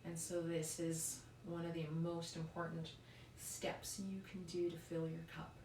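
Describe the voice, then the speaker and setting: Calm woman guiding yoga in a roomy space. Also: on the low side, unhurried, slight background noise. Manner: calm, encouraging, often adds "right?". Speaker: yoga instructor. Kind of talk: guided yoga class. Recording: roomy echo, mic at a distance.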